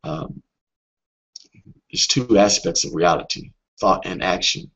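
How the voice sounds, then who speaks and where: A man with a fairly low, husky voice talks through a webinar lesson in a casual coaching tone. He is earnest and often stops on fillers or restarts a sentence. The audio is dull and lo-fi. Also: very animated, slow pace, fairly bright tone.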